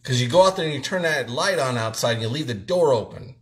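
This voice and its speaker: A man's voice: mid-range voice, fast. A man hosting a casual live stream, joking and teasing his co-host. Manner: jokey, teasing, lively asides. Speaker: show host.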